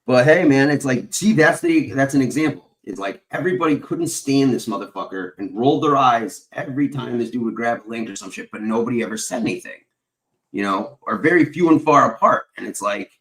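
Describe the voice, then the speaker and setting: A man's voice: mid-range voice, animated, brisk, fairly bright tone. A man hosting a casual chat stream, rambling and profane with lots of fillers.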